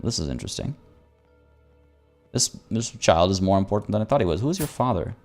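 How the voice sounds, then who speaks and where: A man's voice: fairly low pitch, sing-song, fairly quick, darkish tone, soft background music. A man streaming a strategy game, chatting playfully with his viewers, reading event text aloud, joking and often stumbling over and repeating his words. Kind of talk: live-stream gameplay commentary.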